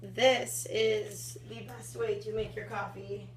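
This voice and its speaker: A woman's voice: mid-range voice, flat delivery, slow pace, slight background noise. A young woman in her twenties vlogging at home in the morning, chatting in a rambling way full of fillers, with a groggy morning voice. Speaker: fitness vlogger. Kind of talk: casual morning vlog chat.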